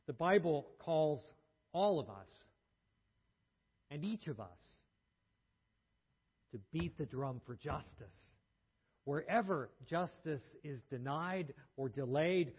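A man's voice: on the high side, slightly rough. A man preaching a sermon, telling a story earnestly and often restarting his words. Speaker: pastor. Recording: muffled sound in a reverberant hall.

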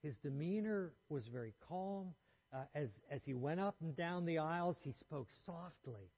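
A man giving a sermon in a measured, earnest way, letting his phrases trail off softly, with small restarts. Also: fairly high pitch, animated, highs cut off. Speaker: preacher.

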